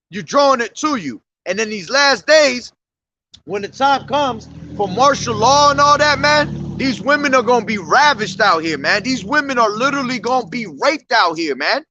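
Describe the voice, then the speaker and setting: A man's voice: extremely high pitch, pushed and bright, highs cut off. A man preaching on the street in a blunt, profane, confrontational way.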